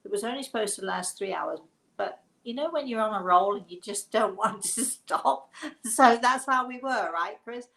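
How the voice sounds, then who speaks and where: A woman's voice: on the high side, normal speed, creaky, a bit bright, low-quality recording. A woman hosting a live stream as a psychic medium, chatting casually and rambling with frequent laughs and restarts. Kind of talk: casual live webinar chat.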